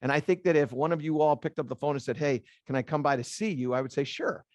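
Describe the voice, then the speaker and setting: A middle-aged man, a golf instructor, speaking to a room of golf teachers as an animated storyteller who repeats phrases for emphasis. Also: a little high, quick pace, dry recording.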